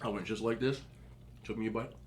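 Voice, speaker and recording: A man's voice: fairly low pitch, fairly even intonation, brisk, a little hiss or hum. A young adult man telling chatty stories as a mukbang vlogger, eating and talking with his mouth full. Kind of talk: casual storytelling while eating.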